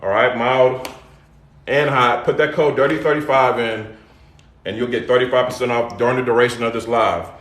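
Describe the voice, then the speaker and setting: A man's voice: medium pitch, fairly even intonation, moderate pace, fairly bright tone, roomy sound. A middle-aged man hosting a casual live cooking demo, loose and chatty, calling out to his viewers. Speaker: cooking show host. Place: home kitchen.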